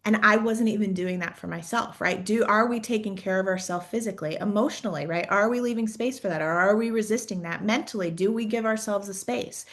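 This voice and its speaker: Woman career coach talking to a group, warm-up conversational delivery, reflective questions, medium pitch. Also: a little fast, few pauses. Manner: conversational, peppers sentences with "right?"; encouraging, posing reflective questions. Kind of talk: coaching talk to an audience.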